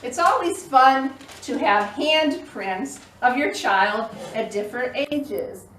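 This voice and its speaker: A woman reads a story to toddlers with a high, bouncing voice. She takes her time, voicing each animal noise. She is heard from a distance in an echoey room, with faint background hiss. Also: lively intonation, slow, fairly bright tone. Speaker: children's librarian.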